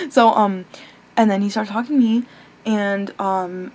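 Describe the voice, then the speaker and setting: A woman's voice: medium pitch, slow. Rambling young woman vlogging late at night. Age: young adult. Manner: rambling, swears casually, many fillers and restarts; chatty and animated, breaks off to talk to her pet.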